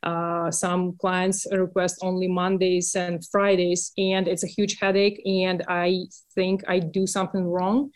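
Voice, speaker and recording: A woman's voice: fairly low pitch, little pitch movement, a little slow. A woman with a Russian accent, a small-business owner speaking candidly and a little hesitantly as a podcast guest. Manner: earnest, candid, slightly hesitant. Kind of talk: podcast interview.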